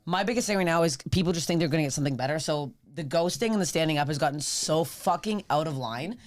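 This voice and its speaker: A woman in her thirties, a podcast guest, telling profane, animated comic stories in casual chat. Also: low-pitched. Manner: rapid, profane, animated storytelling.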